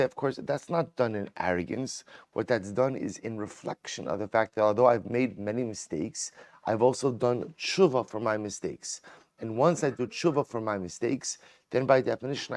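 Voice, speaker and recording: Man, rabbi, Torah lecture, animated, repeats himself, middle pitch, dry close sound. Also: normal speed, no echo. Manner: animated, repeats words, mixes Hebrew and English. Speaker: rabbi teaching Talmud.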